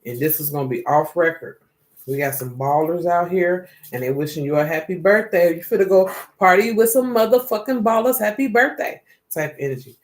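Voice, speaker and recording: Guy doing a tarot reading, kinda high voice, cussing and rambling, aave slang. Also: fairly quick. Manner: profane, rambling, slangy and animated. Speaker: tarot reader. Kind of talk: casual tarot reading monologue.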